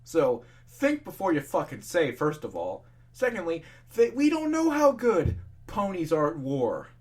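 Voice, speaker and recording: Lively, foul-mouthed young man reading fan fiction. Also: fairly high pitch, a little slow. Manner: profane ranting, laughs at the text.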